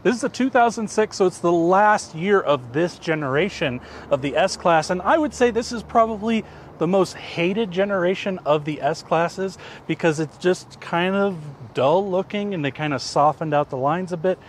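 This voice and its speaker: A man's voice: high-pitched, a little hiss or hum. A man co-hosting a casual car review outdoors, explaining specs and features in an easygoing way. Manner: easygoing, explanatory, quick to agree. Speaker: co-host presenting cars.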